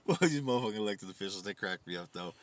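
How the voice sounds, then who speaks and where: A man's voice: fairly low pitch, lively intonation, rapid-fire, slight background noise. A man hosting a casual comedy podcast, swearing freely, teasing his co-host and laughing often.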